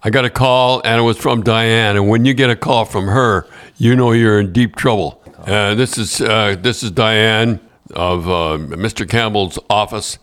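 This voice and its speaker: A man's voice: lowish voice, a little slow, a bit bright, smooth. An older man with a Canadian accent, telling rambling hockey stories in casual chat, with restarts and chuckles. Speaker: podcast host and former hockey coach.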